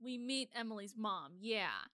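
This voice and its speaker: Bright, lively-voiced woman co-host. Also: on the high side, unhurried. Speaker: podcast co-host. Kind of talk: casual chat.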